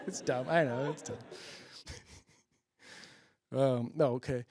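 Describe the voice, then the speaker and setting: A man's voice: medium pitch, steady tone, takes it slowly, long pauses, a crowd in the background. A man hosting a public-access comedy show, rambling through jokes, laughing at his own bits and asking if they land. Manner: loose, rambling, many fillers. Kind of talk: rambling comic monologue.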